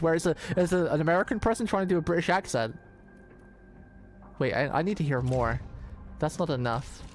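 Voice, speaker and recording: Fast, rambling streamer man. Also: fairly high pitch. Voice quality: rambling, repeats himself, many restarts. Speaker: vtuber streamer. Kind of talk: casual live-stream commentary.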